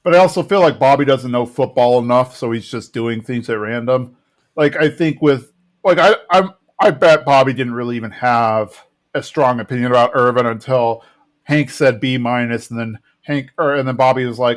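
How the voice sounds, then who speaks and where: A man in easygoing podcast chat, recapping an episode at length with plenty of fillers and little quoted bits. His voice sits at an average pitch for a man, and he talks in a loose, conversational way. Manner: chatty, rambling retelling with fillers and quick quoted lines. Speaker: podcast co-host.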